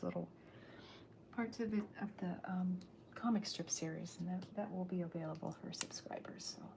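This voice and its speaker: A middle-aged woman artist talking softly during an ASMR livestream while she draws, chatty and rambling, often slipping into whispers. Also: on the low side, creaky, slight background noise. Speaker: artist streaming while drawing comics. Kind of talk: soft-spoken ASMR livestream.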